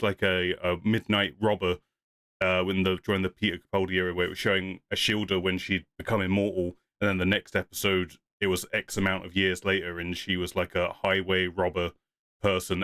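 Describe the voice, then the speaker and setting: A man's voice: deep voice, fairly bright tone, clear, resonant tone, no echo, clean studio sound. A young man co-hosting a podcast, chatting casually and rambling, laughing often and acting out quotes. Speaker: podcast co-host. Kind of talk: casual review chat.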